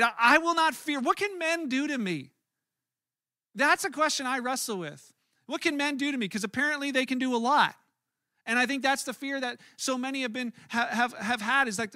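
A man's voice: very high voice, brisk, pushed and bright, no room sound, clean studio sound. A man preaching a sermon in an earnest, conversational way, often restarting his words. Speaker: pastor.

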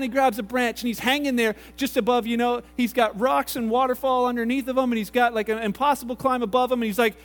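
A male pastor preaching a conversational sermon, slipping into quick acted-out voices for the people in his stories. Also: very high voice, steady tone. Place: church sanctuary. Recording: roomy hall with mains hum.

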